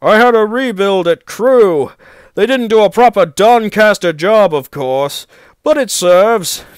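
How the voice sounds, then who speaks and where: A man's voice: high-pitched, animated, a little slow, clear, resonant tone, no room sound, clean studio sound, voice pushed up. A man voicing a proud, pompous big male steam engine who talks in a haughty, huffy way.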